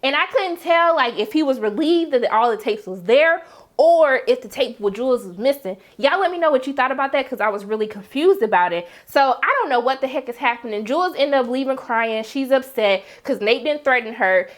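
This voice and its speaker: A woman reviewing a TV episode in a casual recap, telling it with animated, dramatic reactions and slangy talk. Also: sits high, a little fast. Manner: slangy, conversational. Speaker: TV series reviewer.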